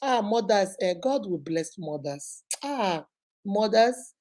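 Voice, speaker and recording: A woman's voice: mid-range voice, slow. A middle-aged woman with a Nigerian accent, hosting a casual live question-and-answer chat, telling stories and laughing often. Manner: lively, laughs often, mixes in pidgin. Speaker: host.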